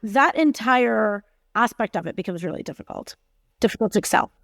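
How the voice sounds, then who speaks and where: A tech company CEO in her forties tells candid stories as a podcast guest, speaking emphatically and acting out the quoted dialogue. Her voice is on the high side and a bit bright, expressive, with vocal fry, at a fairly quick pace. The recording is dry, with clean studio sound.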